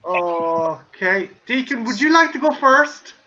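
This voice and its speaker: A man's voice: very high voice, very animated, slow pace, bright, forceful tone, muffled recording. A man hosting a casual watch-along chat with friends, teasing them and restarting his sentences. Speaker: stream host.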